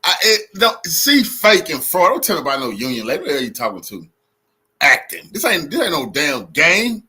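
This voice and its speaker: Husky guy ranting hard, high lively voice, blunt and cussing. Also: moderate pace. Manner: blunt, profane, repetitive, outraged. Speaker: commentator reacting to clips. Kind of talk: heated reaction commentary.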